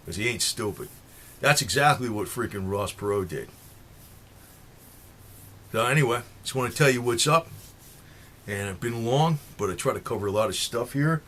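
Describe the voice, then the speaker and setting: A man's voice: medium pitch, expressive, normal speed, long pauses, fairly bright tone, a little hiss or hum. A man with a New Jersey accent rambling in a monologue to his viewers, swearing freely and chuckling between points. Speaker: political vlogger.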